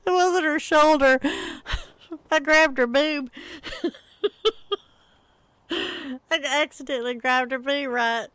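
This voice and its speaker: A woman's voice: sits high, drawn-out words, long pauses, fairly bright tone, dry recording. A middle-aged woman, chatting casually with viewers on a gaming livestream and laughing often as she tells a story.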